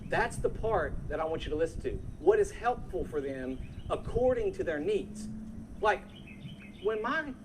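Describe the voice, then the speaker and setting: A preacher speaks to a church congregation in a mid-range voice, neither high nor low. The delivery is lively and conversational, with everyday scolding voices acted out for illustration. A faint hiss sits under the recording. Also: moderate pace. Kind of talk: sermon.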